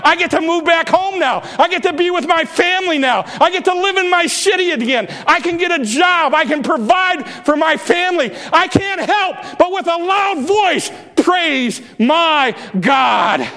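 A man voicing a healed male leper who is overjoyed and loudly praising God. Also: lightly acted. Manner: shouting, high-pitched exultant praise.

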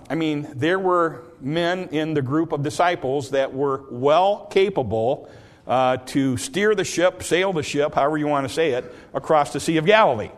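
A pastor delivering a sermon in a somewhat high voice for a man. He retells the story in a relaxed, folksy way, full of fillers and restarts. Now and then he bursts out with loud, dramatic quotes.

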